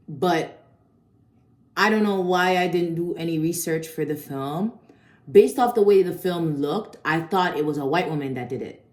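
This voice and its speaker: Low-voiced woman chatting a film review in an echoey room. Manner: chatty, slangy and profane. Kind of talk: casual video review.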